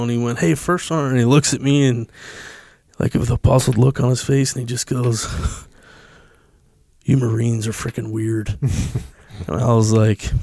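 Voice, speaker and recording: A man's voice: medium pitch, darkish tone, dry recording, clean studio sound. A man from the United States, a podcast guest, telling a personal story in a candid, profane and emotional way.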